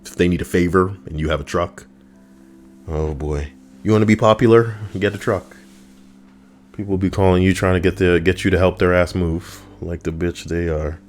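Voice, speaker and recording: A man's voice: low-pitched, steady tone, moderate pace, a little hiss or hum. A man giving crude, mocking comedic reactions to stories he reads out, ranting as he goes. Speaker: online commentator.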